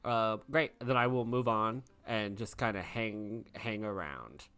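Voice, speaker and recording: A man playing a tabletop game, talking in a relaxed, offhand way. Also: fairly low pitch, unhurried, clear, resonant tone. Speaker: player. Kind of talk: tabletop game play, casual.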